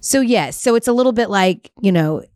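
A woman hosting a casual sports talk show, telling stories in a brisk, wry way. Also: mid-range voice, animated, a little mellow, no room sound, clean studio sound. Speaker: podcast host.

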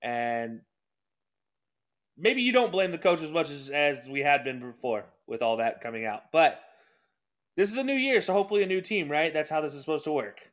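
A man co-hosting a casual sports podcast, talking quickly with sarcastic asides and laughs. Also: fairly high pitch, big pitch swings, fairly bright tone. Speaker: podcast co-host.

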